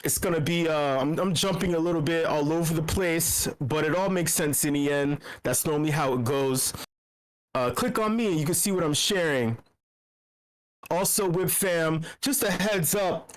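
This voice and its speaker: A man's voice: fairly high pitch, moderate pace, low-quality recording. A man hosting a meetup in a voice channel, telling a rambling, profane story, laughing often and sick with a cough. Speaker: meetup host.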